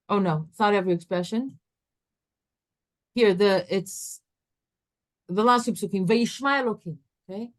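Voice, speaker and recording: A woman teaching a Torah class, telling a story and acting out its dialogue with her voice rising and falling. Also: medium pitch.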